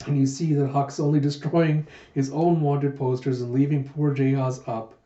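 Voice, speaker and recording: A man reviewing a manga in a casual readthrough, animated and laughing as he retells scenes. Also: mid-range voice, moderate pace. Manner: animated, lots of laughing asides. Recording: echoey room, dull sound.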